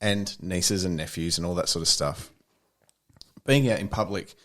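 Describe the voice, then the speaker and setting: A man's voice: sits low, normal speed. A man, a podcast co-host telling a story in casual chat. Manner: animated anecdote teller, mate-ish banter.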